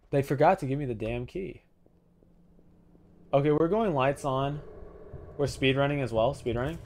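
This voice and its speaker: A man's voice: mid-range voice, unhurried, pauses often, darkish tone. A man hosting a let's-play, giving casual, profane, joking commentary and talking to his viewers as he plays. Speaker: gaming channel host.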